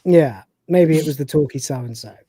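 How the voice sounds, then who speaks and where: Woman co-host, casual and swearing, lowish pitch, dry close mic. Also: moderate pace, mellow, husky, dry recording. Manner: rambling, profane and chatty, acting out scenes. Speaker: podcast co-host. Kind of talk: casual live-stream episode recap.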